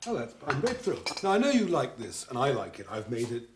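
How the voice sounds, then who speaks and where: A man's voice: mid-range voice, very animated, fast, reverberant. A man hosting a 1980s TV cooking show, theatrical and teasing as he chats with a guest. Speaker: TV cook host. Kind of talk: casual chat. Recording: faint hiss on 1980s TV audio.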